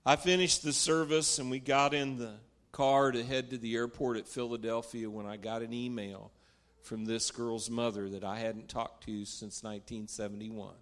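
An older man giving a heartfelt testimony in church, telling the story with earnest storytelling. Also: on the low side. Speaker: preacher. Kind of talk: testimony from the pulpit. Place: church stage.

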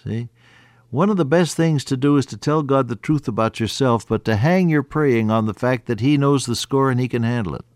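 A man preaching an earnest sermon, quoting scripture in old-fashioned wording and rising, then dropping to a hushed voice. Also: medium pitch, moderate pace, no room sound, studio quality. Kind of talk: radio sermon.

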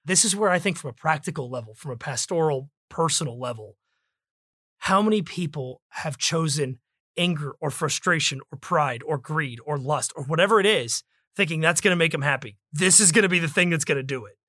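A man's voice: fairly high pitch, a little fast, sharp tone, dry recording, studio quality. A man hosting a book discussion podcast, talking in an emphatic, preacher-like way. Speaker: podcast host.

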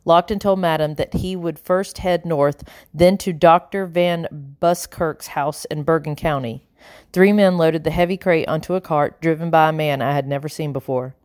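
A woman reading an audiobook in a measured, expressive narrating style. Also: deep voice, no echo, clean studio sound. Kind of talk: scripted narration.

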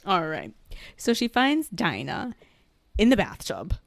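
A woman recaps a movie scene by scene in an easy, chatty way. She acts out the characters' lines and swears freely. The voice sits at a middle pitch, close to the mic, with a dry, dead room sound. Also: unhurried, vocal fry, dry recording. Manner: animated storytelling, acting out characters with profanity. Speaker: podcast co-host recapping a film. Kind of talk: casual chat.

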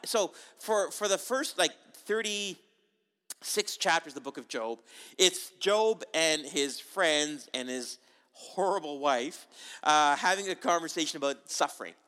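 Bright-voiced, chatty male preacher. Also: on the high side. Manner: conversational and joking, many asides and rhetorical questions. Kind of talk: sermon.

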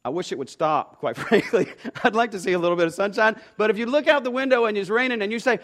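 A man's voice: high voice, lively intonation, a little fast, few pauses, a bit bright. A pastor preaching a sermon to his congregation, emphatic and repeating key phrases, often asking rhetorical questions.

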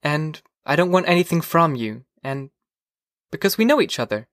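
A man voicing a curious, cheerful teenage girl in an audiobook reading, earnest and gently teasing. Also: fairly high pitch, very animated, moderate pace, no echo, clean studio sound, pitched above the performer's own voice.

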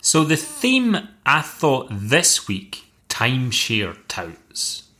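A man's voice: medium pitch, wildly swooping pitch, drawn-out words, background noise. A male podcast host giving a casual, wry episode recap with many asides and restarts. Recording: echoey room.

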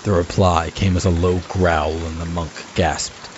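Deep-voiced male storyteller. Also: a little slow, background noise. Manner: steady storytelling. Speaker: narrator. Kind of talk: scripted narration. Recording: dull lo-fi recording.

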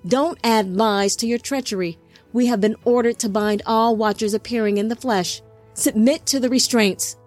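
A woman's voice: mid-range voice, moderate pace, dark tone, faint music behind, lightly acted. A woman voicing a stern, loyal male angelic captain who speaks firmly and commandingly. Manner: firm and commanding.

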